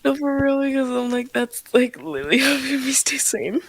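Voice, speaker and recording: Young woman cohost, jumpy slangy reactions, animated voice with fry, faint noise behind. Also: high-pitched, a little fast. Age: young adult. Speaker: podcast co-host. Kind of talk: casual chat.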